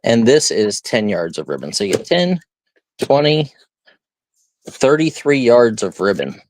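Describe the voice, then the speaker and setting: A man's voice: mid-range voice, very animated, measured pace, darkish tone, no echo. A man hosting a live online auction, chatting casually and explaining each item as he shows it. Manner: chatty, rambling, explains items as he shows them. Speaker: auction host. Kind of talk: live stream auction patter.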